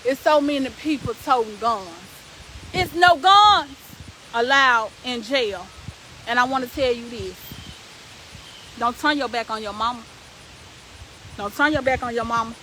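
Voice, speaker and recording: A woman's voice: a little high, moderate pace, pauses often, a bit bright, slight background noise, rough recording. A young adult woman hosting a live stream, preaching emphatically to her viewers and repeating her points for weight.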